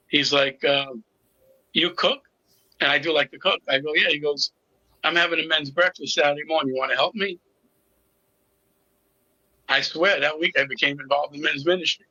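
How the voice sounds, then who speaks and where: A man's voice: a little high, fairly even intonation, fairly quick, long pauses, bright, forceful tone, no echo, dull audio. A middle-aged man telling his personal story as an interview guest, candid and with a sarcastic sense of humor. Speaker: interview guest, recovery coach.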